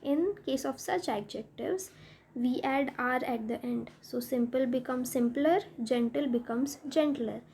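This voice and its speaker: A woman's voice: high voice, a little slow, gravelly, a little mellow, a little hiss or hum. A woman teacher explaining a grammar lesson step by step, spelling out letters as she goes.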